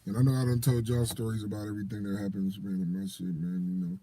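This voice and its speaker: A man's voice: fairly low pitch, flat delivery, fast talker, mellow, breathy edge. A man co-hosting a casual call-in talk show, rambling through stories, laughing often and acting out what people said. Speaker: co-host, nightclub door worker. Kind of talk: casual storytelling chat.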